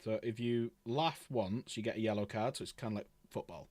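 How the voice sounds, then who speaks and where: A British man co-hosting a casual chat, quick and chatty, with casual swearing. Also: on the low side, a little mellow, no room sound. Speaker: co-host.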